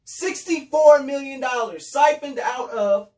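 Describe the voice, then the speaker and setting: Guy ranting on his podcast, sarcastic and repeating himself, higher voice, echoey room. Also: measured pace, a little mellow, distant mic. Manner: loose, repetitive, sarcastic asides. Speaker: podcast host. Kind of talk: casual commentary monologue.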